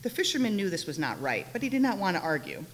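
A woman reading a folk tale aloud during a church service, expressive and with wry asides. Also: mid-range voice, quick pace. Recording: echoey hall, faint hiss.

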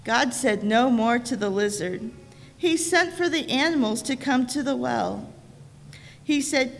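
Slow-reading woman storyteller in a church. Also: a little high, animated, vocal fry, a little hiss or hum. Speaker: storyteller in a worship service. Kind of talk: reading a folk tale aloud. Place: church sanctuary. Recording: reverberant church sanctuary.

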